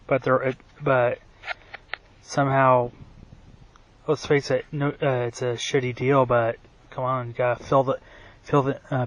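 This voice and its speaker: A man's voice: mid-range voice, a bit bright, slight background noise, low-quality recording. A man ranting in a rambling, profane monologue, full of fillers and restarts, who says his own voice is bad. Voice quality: self-described bad voice. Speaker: wrestling commentary vlogger.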